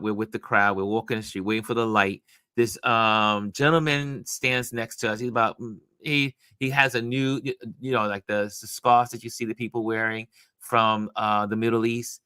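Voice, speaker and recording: A man from New York hosting a casual talk show, telling a story in an animated way with many restarts. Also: mid-range voice, clean tone, dry recording, studio quality. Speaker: host.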